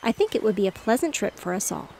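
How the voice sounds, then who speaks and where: A woman's voice: medium pitch, very animated, fast, vocal fry, darkish tone, a little hiss or hum. A woman reading as a hearty, cheerful father. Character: cheerful fatherly man, fish merchant.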